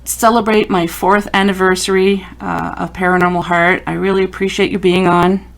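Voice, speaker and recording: A woman in her fifties from Canada, hosting a podcast and chatting with her guest, encouraging and quick to laugh. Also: on the low side, level tone, gravelly. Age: 50s. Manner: warm, encouraging, laughs often. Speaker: podcast host. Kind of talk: casual interview chat.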